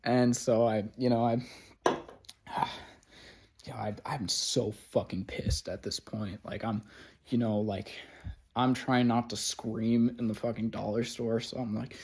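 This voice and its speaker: A husky, darkish male voice at medium pitch, speaking a little slowly. This vlogger rambles through a personal story in a casual monologue, cursing often and padding pauses with "like" and "you know."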